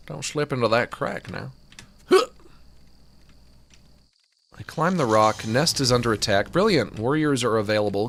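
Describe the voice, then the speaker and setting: A man giving casual, excitable commentary on a video game, swinging between delight and exasperation, with some swearing. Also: medium pitch. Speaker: gaming streamer.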